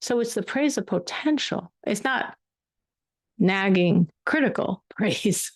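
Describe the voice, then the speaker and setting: A woman's voice: on the high side, lively intonation, a little slow, slightly rough, no echo, studio quality. A woman teaching a Torah class, telling a story with emphatic repetition. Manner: emphatic, repeats words for weight.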